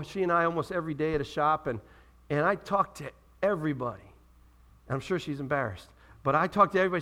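A middle-aged male pastor with a fairly high voice preaches a sermon in an animated, conversational style, full of rhetorical questions.

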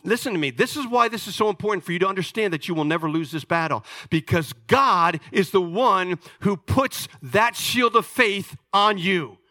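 A male pastor delivers a sermon in a high, bright voice. He explains patiently, rising to loud emphasis and dropping to quiet, low asides. The sound is dry and close. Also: moderate pace, few pauses, dry recording.

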